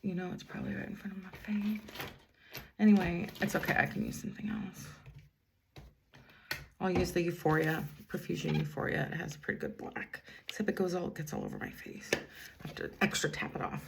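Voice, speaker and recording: A gravelly, fry-laced woman's voice with a fairly low pitch, talking in a loose, meandering get-ready-with-me chat. She's in her fifties and keeps drifting from her story to her makeup. Faint noise sits behind her. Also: level tone, brisk. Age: 50s. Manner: rambling, chatty, breaks off mid-story to narrate makeup. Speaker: vlogger, school bus driver.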